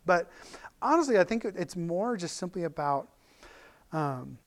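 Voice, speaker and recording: This pastor's voice is strikingly high, and his sermon comes across as relaxed and conversational. He speaks animatedly, breaking off to restart sentences and using fillers along the way.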